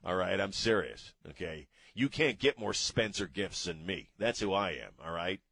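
A man from Maryland hosts a talk radio show in a rambling, emphatic flow, stacking filler words as he goes. His voice sits on the low side. The sound is close and dry. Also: expressive, moderate pace, gravelly, a bit bright, slightly rough, dry recording. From Maryland, USA. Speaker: radio host.

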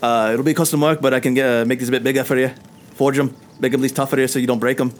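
A man voicing a gruff, businesslike male dwarf blacksmith in a put-on Scottish accent. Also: mid-range voice, level tone, very fast, lightly acted.

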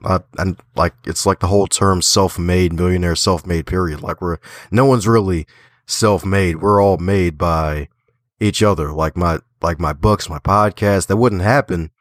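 A man from the Baltimore area, an author and podcaster, telling stories in a lively, folksy way during a remote interview. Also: low-pitched, moderate pace, dry recording, studio quality. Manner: animated storyteller, folksy phrasing, laughs often. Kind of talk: casual conversational interview.

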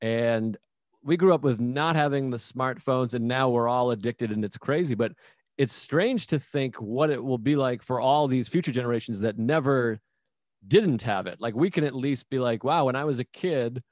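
A man in his thirties hosting a casual podcast interview, musing aloud and asking relaxed follow-up questions. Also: medium pitch, normal speed, no echo, studio quality. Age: 30s. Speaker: podcast host.

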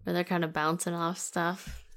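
A woman casually chatting about a movie, relaxed and quick to laugh. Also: fairly low pitch. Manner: laughs often, relaxed asides. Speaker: podcast co-host. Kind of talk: casual film review chat.

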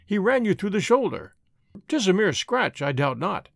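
A man's voice: sits high, big pitch swings, normal speed, gravelly, no room sound, studio quality, full character voice. A man reading the part of a lazy, ironic young nobleman in an audiobook, drawling and mildly mocking. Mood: languid.

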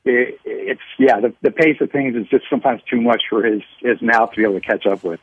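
A man calling into a sports radio show, talking football hesitantly with many pauses and restarts. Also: medium pitch, breathy edge. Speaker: caller. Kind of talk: phone-in caller talking football. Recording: tinny phone line.

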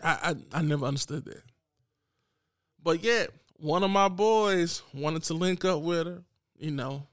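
A man's voice: a little high, unhurried, no echo, clean studio sound. A man hosting a podcast, delivering a blunt, unapologetic solo rant straight to his listeners. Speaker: podcast host.

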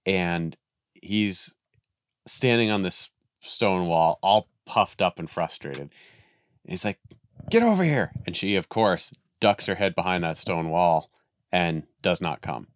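A man's voice: deep voice, takes it slowly, smooth, dry recording. A man in casual conversation, telling a long story with many restarts and acted-out voices. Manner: rambling, restarts a lot, acts out voices in stories. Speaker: guest on a dog training podcast.

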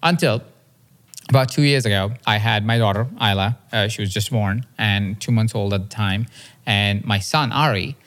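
A man's voice: lowish voice, moderate pace, fairly bright tone. A man in his thirties, a podcast host and coach, telling a personal story in an earnest, confessional way and often checking in with "right?". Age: 30s.

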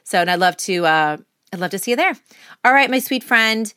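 A woman's voice: mid-range voice, expressive, fairly quick, pushed and bright, clean tone, no echo, studio quality. A woman hosting her own podcast, talking straight to listeners in an upbeat, encouraging, chatty way with casual fillers. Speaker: podcast host. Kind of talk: solo podcast outro, motivational.

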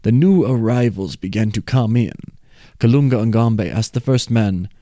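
A man reading a folk tale aloud in a measured, expressive way. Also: lowish voice, no echo, studio quality. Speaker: storyteller.

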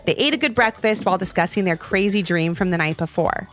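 A woman reading a children's storybook aloud with an expressive, sing-song delivery. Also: lowish voice, fast, faint music behind.

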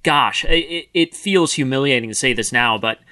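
A man co-hosting a football podcast in casual chat, quick and self-deprecating. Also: mid-range voice, sharp tone, no room sound, studio quality. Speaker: podcast co-host.

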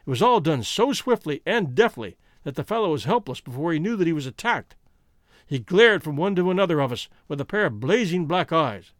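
A man giving a steady, scripted narration of a classic detective story. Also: fairly high pitch, brisk, no echo, studio quality. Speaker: audiobook narrator.

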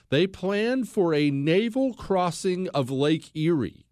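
A man's voice: high voice, expressive, takes it slowly, a little mellow, dry recording, clean studio sound. A man hosting a talk show, giving an emphatic, blunt history monologue and repeating phrases for stress.

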